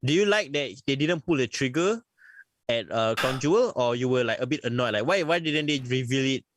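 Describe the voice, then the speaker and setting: A man's voice: medium pitch, animated, a little fast, a little hiss or hum. Laid-back, slangy male co-host. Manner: laid-back slangy banter, calls his co-host bro. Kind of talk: casual podcast chat.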